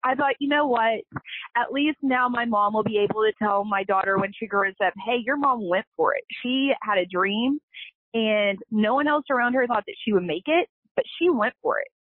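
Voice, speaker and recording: As a guest in a casual storytelling interview, a woman who founded a company recounts her story in an earnest, emotional way. Her voice is on the high side at normal speed, with no echo, coming through a dry, tinny phone line.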